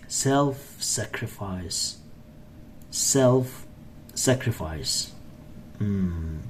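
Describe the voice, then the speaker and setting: A man's voice: medium pitch, a little mellow, a little hiss or hum. A man whose first language is Arabic teaches English vocabulary, reading a text aloud and repeating words with example sentences. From Iraq.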